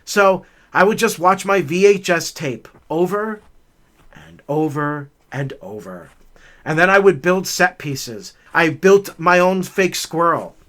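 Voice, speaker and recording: A middle-aged man with a high, bright voice chats through a personal story as he walks a forest trail. His telling is animated and casual, and he jumps up in pitch and volume whenever he acts out what someone said. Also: slow pace. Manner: animated, chatty, raises his voice for acted-out quotes. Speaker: vlog host. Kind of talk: casual storytelling while hiking.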